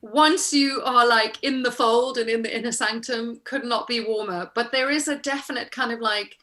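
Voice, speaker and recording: Bright-voiced, chatty woman from South Africa. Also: a little high, normal speed. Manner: chatty, animated storyteller who laughs often. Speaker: actress guest. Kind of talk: casual interview chat.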